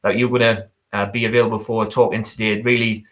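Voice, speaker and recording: A man hosting a supporters' club video chat in a friendly, chatty way, a little halting, with fillers. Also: on the low side, little pitch movement, fairly bright tone. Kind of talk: casual interview chat.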